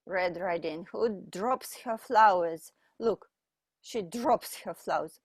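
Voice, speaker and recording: A woman teacher reading a picture book aloud to children, expressive and pointing things out. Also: fairly low pitch, takes it slowly, breathy edge, no echo. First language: Russian.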